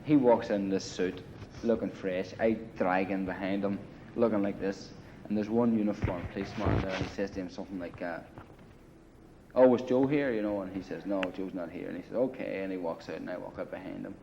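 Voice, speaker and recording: A low, warm, creaky voice with a level tone comes at a fairly quick clip with hardly any pauses, over a little hiss or hum. He's an interviewee telling a long war story casually in a grungy apartment, rambling and profane, leaning on "you know" and "right," in dull lo-fi 1980 film sound.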